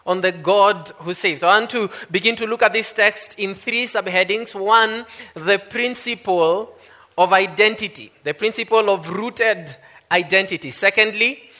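Man, pastor, sermon, high voice, bright tone, emphatic delivery. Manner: reads scripture then preaches with slow, emphatic stresses.

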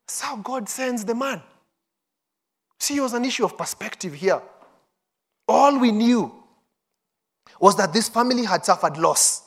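A man's voice: high-pitched, lively intonation, unhurried, long pauses. A man preaching a sermon, reading scripture and acting out the quoted voices with urgency.

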